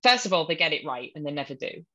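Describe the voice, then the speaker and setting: A woman with a Hull accent in casual chat, blunt and quick to swear, laughing often. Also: low-pitched, sing-song, bright, forceful tone, lo-fi sound. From Hull, England.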